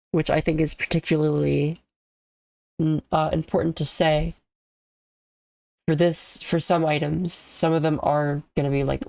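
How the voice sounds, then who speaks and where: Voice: mid-range voice, creaky, mellow, no echo. A sick, congested and tired streamer giving casual, rambling commentary on a video game, often trailing off and restarting sentences.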